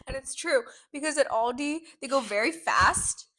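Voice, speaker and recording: A young woman co-hosting a podcast in casual chat, playful and teasing with quick reactions. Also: high voice, noisy background. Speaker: podcast co-host.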